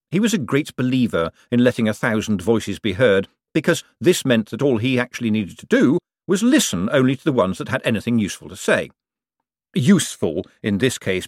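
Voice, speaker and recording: A man reads a comic fantasy novel aloud in a dry, wry storyteller's manner, his pitch rising and falling with great life. He sits close to the microphone in a dead, dry booth with no room sound at all. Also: dry recording. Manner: dry, wry storytelling with lively voiced characters. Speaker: audiobook narrator.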